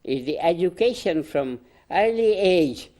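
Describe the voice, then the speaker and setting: Slow, emphatic older Indian man. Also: high voice, expressive, mellow. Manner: slow, emphatic, repeats phrases, laughs between points. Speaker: spiritual teacher. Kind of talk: proclamatory address.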